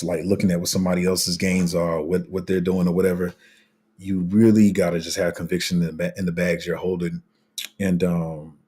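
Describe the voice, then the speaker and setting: A man's voice: low-pitched, a little mellow, breathy edge. A man hosting a casual crypto livestream, rambling through viewer comments with lots of fillers, restarts and slang.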